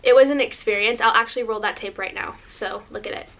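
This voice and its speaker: A bubbly woman in her twenties talks straight to camera in a rambling, gushing vlog. Her voice sits a little high, and she pads her sentences with likes. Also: fairly even intonation, fast talker. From Northern California, USA. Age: 20s. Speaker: vlogger. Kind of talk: casual chatty vlog.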